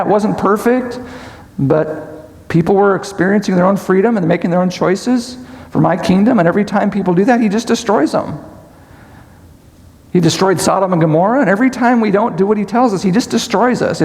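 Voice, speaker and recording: A calm, mild-mannered devil, voiced by a man in a sermon, justifying himself without defiance. The voice sits high with a gravelly edge, and it rings with a long hall echo. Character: smooth, reasonable male devil pleading his case.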